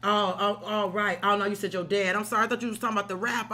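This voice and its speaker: A woman's voice: mid-range voice, fairly even intonation, fast talker, hardly any pauses, bright, forceful tone. Salty, chatty woman reading tarot. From South Side of Chicago. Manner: chatty, digressive, salty, swears freely. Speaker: tarot reader. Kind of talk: casual livestream tarot reading.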